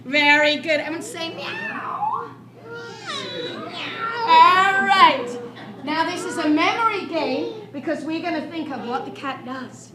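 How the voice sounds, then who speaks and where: A woman's voice: sits high, expressive, unhurried, a crowd in the background. A woman storyteller leading children in an upbeat chanting memory game. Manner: upbeat, leads group chants and clapping. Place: library room. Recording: echoey room.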